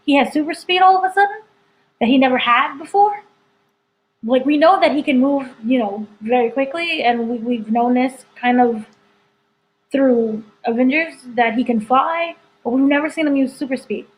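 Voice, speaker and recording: A woman's voice: high voice, moderate pace, poor audio. Chatty woman rambling through a TV review. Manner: rambling and chatty, full of "like" and "you know". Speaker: entertainment editor reviewing a TV episode. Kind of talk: casual spoiler review chat.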